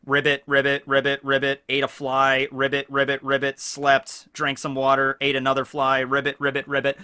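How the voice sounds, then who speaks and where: A man's voice: mid-range voice, pitched below the performer's own voice, natural voice. A man doing a dim, droning frog. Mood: dull. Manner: slow, monotone croaking list. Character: simple-minded frog, thoughts read aloud.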